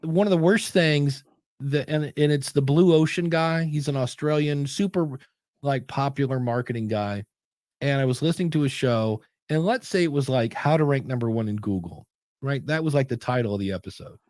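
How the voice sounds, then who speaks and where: A man's voice: medium pitch, moderate pace, no room sound, studio quality. A man hosting a podcast coaching show in casual chat, telling stories animatedly and acting out quoted voices. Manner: animated storyteller who acts out quoted voices.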